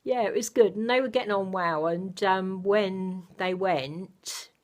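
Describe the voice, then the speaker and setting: An older woman chatting casually to her camera at home, rambling gently with many fillers. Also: mid-range voice, measured pace. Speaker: vlogger. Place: home, indoors.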